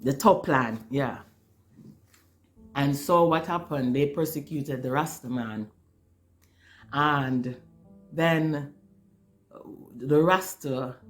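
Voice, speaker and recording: Earnest storyteller, moved by their own story, middle pitch, soft music under the talk. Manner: earnest, emotional, repeats words while searching. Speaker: spiritual storyteller. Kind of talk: personal spiritual testimony.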